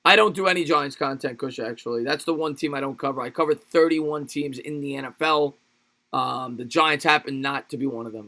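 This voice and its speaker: A man's voice: medium pitch, a little fast, sharp tone. A man doing casual play-by-play football commentary on a livestream, chatting with viewers between plays and laughing often. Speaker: livestream sports play-by-play host. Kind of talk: play-by-play commentary mixed with live chat replies.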